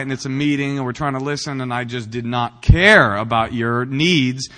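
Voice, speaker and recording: A man of ordinary pitch, from Northern California, tells his own story to a recovery meeting with a joking, self-mocking manner. He rambles and restarts often, padding with fillers. His voice carries the long reverb of a meeting hall. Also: steady tone, moderate pace, few pauses, fairly bright tone. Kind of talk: humorous personal recovery talk. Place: meeting room.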